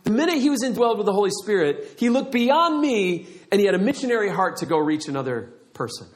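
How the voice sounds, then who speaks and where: Middle-aged male pastor, animated storyteller, somewhat high voice. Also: fast. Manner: animated storytelling with acted-out quotes. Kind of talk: sermon.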